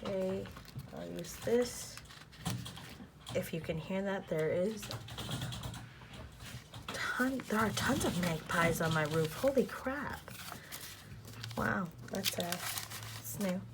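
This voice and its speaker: Slow, gravelly, half-whispering woman. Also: mid-range voice, expressive. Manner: soft, often half-whispered, muttering to herself; self-deprecating, flustered at her own mistakes. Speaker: planner vlogger. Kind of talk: casual plan-with-me narration. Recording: noisy home recording.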